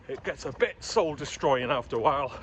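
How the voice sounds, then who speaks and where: A man's voice: mid-range voice, lively intonation, a little fast. A middle-aged man from Newcastle with a Geordie accent tinged with London, chatting frankly while running outdoors through city streets and along a canal. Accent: Geordie mixed with London. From Newcastle, England. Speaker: running vlogger. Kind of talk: casual running vlog. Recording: clear urban background noise.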